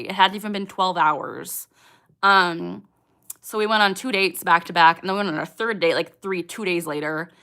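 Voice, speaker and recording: A woman's voice: mid-range voice, bright, forceful tone. A young woman hosting a late-night livestream, reading chat questions aloud and answering in a chatty, giggly way with lots of fillers. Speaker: livestream host.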